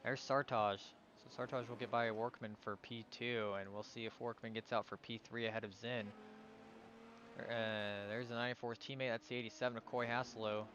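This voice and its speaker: A man commentates a simulated race with a bright, forward voice, running through the field and battles. Faint car engine noise hums under his talk. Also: medium pitch, level tone, brisk, highs cut off. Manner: calling positions, hesitant on names. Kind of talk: live sim-racing commentary.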